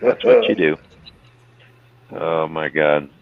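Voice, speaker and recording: A man's voice: rumbling low, huge pitch swings, slow, vocal fry. A man hosting a live stream, telling rambling, profane stories in a casual way and laughing at them. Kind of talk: casual storytelling chat. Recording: tinny phone-like sound.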